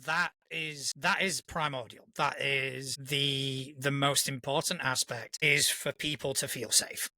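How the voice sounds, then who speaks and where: A man's voice: mid-range voice, steady tone, unhurried, few pauses, sharp tone, dry recording, studio quality. A man co-hosting a casual live-streamed podcast, earnest and reflective, often restarting with "you know". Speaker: podcast co-host.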